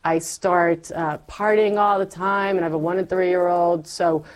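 Her voice is lowish and her speed normal: a middle-aged woman narrating her faith journey in a frank, lively talk, reenacting her former self as she goes.

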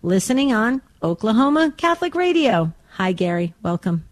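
A woman on a radio show introducing a caller in a brisk, friendly way. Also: on the high side, sing-song. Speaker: radio co-host.

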